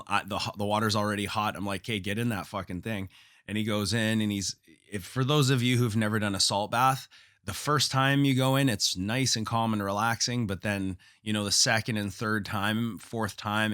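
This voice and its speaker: A man's voice: on the low side, sharp tone, no echo, studio quality. A man from Canada hosting a solo podcast, talking in a casual, rambling way and swearing freely. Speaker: podcast host.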